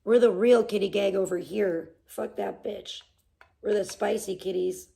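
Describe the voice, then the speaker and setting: A woman's voice: medium pitch, steady tone, measured pace, vocal fry, dark tone, breathy edge. A woman hosting a livestream, venting casually with profane, sarcastic rants and talking to her chat. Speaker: livestream host.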